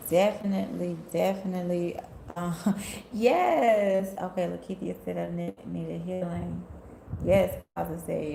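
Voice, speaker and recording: Sassy woman with a gravelly voice. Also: medium pitch, dark tone, slight background noise. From Memphis, USA. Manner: sassy, chatty storyteller who laughs often and talks straight to her viewers. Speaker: tarot reader and spiritual healer hosting a live stream. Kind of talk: casual live-stream chat, reading viewer comments. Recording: echoey room.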